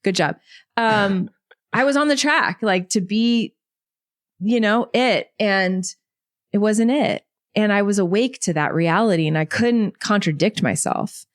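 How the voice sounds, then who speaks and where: A woman in her thirties talks through her story as a podcast guest, with a chatty, animated flow and plenty of "like". Her pitch sits in the middle of the range. The sound is close and dry, with no room around it. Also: a little slow, no echo. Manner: chatty, animated, says "like" often. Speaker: podcast guest, business coach. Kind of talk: casual interview storytelling. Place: podcast studio.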